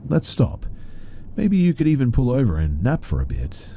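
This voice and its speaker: A man voicing an unhinged woman passenger in a horror story, eerily soft and sing-song. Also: medium pitch, wildly swooping pitch, moderate pace, slight background noise, pitched above the performer's own voice. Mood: eerie coaxing.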